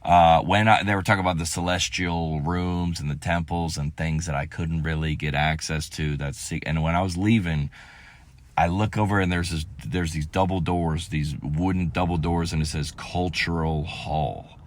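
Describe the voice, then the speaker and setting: A male comedian telling a story to camera, rambling and breaking off into quick asides. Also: low voice, steady tone, no echo.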